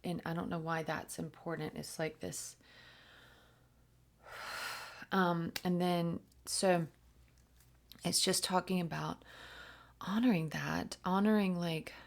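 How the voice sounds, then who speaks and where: Soft, whispery woman channeling a reading. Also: lowish voice, steady tone, gravelly. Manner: soft-spoken, often drops to a whisper, halting with fillers. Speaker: channeler giving a spiritual reading. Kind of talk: channeled reading with spoken light language.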